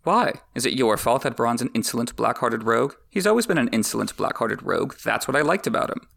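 A man voicing a scheming, bitter, witty dwarf nobleman in a sardonic, quick-tongued way, with a gravelly voice. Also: mid-range voice, lively intonation, fairly bright tone, heavily acted.

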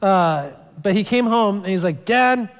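This thirties-aged pastor gives a sermon in church with a high, expressive voice at a normal pace. He tells his stories in a relaxed way, restarting phrases again and again, while the hall's long reverb lingers around him.

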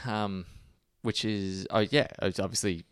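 A man's voice: fairly low pitch, fairly even intonation, unhurried, smooth, no echo, clean studio sound. A man co-hosting a podcast in a casual, self-mocking chat, chuckling at himself. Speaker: podcast co-host. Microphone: home mic stand.

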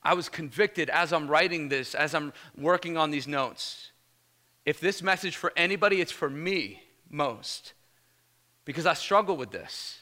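A male pastor preaching a lively sermon, energetic and casual, calling out "Amen?" to the congregation. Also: fairly high pitch, measured pace. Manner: energetic, casual slang, repeated "Amen?" calls.

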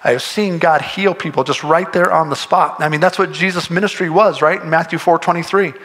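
Male pastor, earnest conversational sermon, bright voice, a bit high. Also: a little fast, rough recording. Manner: earnest, conversational preaching with restarts and rising emphasis.

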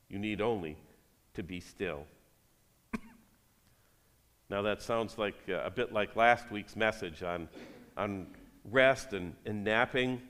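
A man's voice: medium pitch, a bit bright, in a large hall. A man, a pastor, giving a sermon. He reads scripture aloud and then speaks directly to the congregation.

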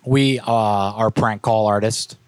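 A man's voice: fairly low pitch, steady tone, slow pace, clear, resonant tone, dry recording. A man who is a prank caller and podcast host, talking in loose, profane, casual chat.

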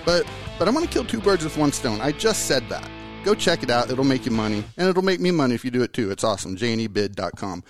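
A man hosting his own podcast in casual, energetic chat, joking and rambling as he talks to a guest. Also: mid-range voice, fast talker, over music. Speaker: podcast host.

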